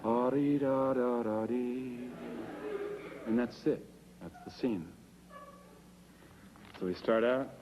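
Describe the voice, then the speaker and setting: A man's voice: lowish voice, slow, pauses often, long reverb tail, background noise. A man performing a wry, self-deprecating storytelling monologue and acting out the dialogue himself.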